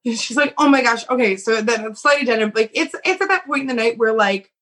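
A young woman co-hosting a podcast, telling a story in a casual, animated way and acting out the quotes with laughs. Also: fairly high pitch, fast, slightly rough. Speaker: podcast co-host.

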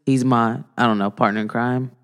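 A man's voice: medium pitch, steady tone, a little fast, clear, resonant tone. A man hosting a podcast in casual chat, rambling and joking, fumbling for words. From Iran. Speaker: podcast host.

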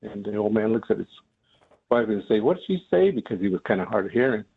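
A comedian calls in and tells his story slowly, pausing on ums and restarts. His voice is gravelly and husky. It comes over a thin, tinny phone line. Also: on the low side, steady tone. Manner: hesitant, lots of ums. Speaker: comedian guest. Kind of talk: storytelling on a call-in show. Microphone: telephone.

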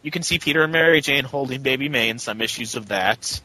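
A man's voice: medium pitch, fast, pushed and bright, rough recording. A man co-hosting a podcast, chatting casually about a comic book and jumping into little mock voices. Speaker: podcast co-host.

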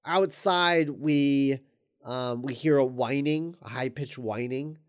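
A man's voice: mid-range voice, takes it slowly, clean tone. Rambling man retelling a story. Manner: rambling, hesitant, full of ums and restarts; amused, chuckles while recounting. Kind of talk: casual retelling of a screenplay.

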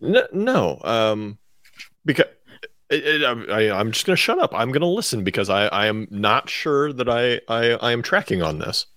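A man's voice: medium pitch, big pitch swings, moderate pace, sharp tone, dry recording. A man co-hosting a talk show, making dry quips and hesitating over his words. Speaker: podcast co-host. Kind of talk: casual chat.

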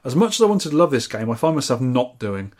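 A man co-hosts a casual podcast. His pitch sits in an ordinary middle range. He reads out listener scores with a playful, teasing manner. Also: very animated, quick pace, darkish tone. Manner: jokey, banter-filled. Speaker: podcast co-host.

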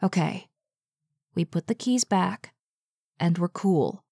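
A woman voicing a calm, practical young woman who takes charge, in a slow storybook reading. The delivery is level and dry, close to the mic. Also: on the low side, vocal fry, slightly rough, no room sound, heavily acted. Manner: calm and decisive.

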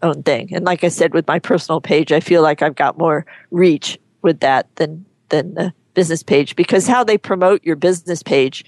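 A woman guest on an interview show, talking frankly and chattily, often pausing and restarting her sentences. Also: low-pitched, darkish tone, no echo. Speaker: guest, horse photographer. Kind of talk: casual interview chat.

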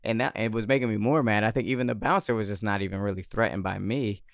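Man, gravelly low voice, smooth and resonant, dry close sound, animated casual storytelling. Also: fast, no room sound. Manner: animated, swearing, laughs often. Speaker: guest telling a story.

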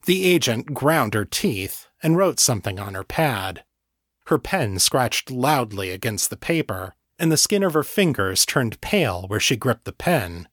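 Brief: lively male audiobook narrator, dry close mic. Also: medium pitch, measured pace, no echo. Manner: expressive storytelling. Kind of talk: scripted narration.

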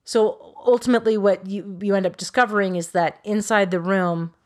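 A woman co-hosting a podcast, telling a true crime case in a chatty, animated way with quoted voices and quick self-corrections. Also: medium pitch. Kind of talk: casual storytelling chat.

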